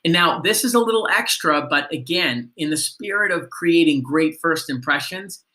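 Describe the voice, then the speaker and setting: A man leads a sales training lesson, coaching his listeners on how to answer the phone. His voice is bright and sits a little high, and he often turns to the listener with questions. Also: animated, moderate pace.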